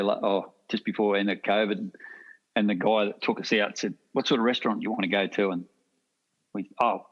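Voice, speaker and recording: Low-voiced Australian man telling stories. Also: muffled recording. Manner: rambling anecdotal, laughs often. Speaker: podcast guest, hunter. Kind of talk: casual storytelling chat.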